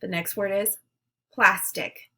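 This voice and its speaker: A woman teacher leading young children through a phonics lesson, giving words slowly and clearly for them to repeat. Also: medium pitch, steady tone, pushed and bright. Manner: slow, clear, leading call-and-response drills.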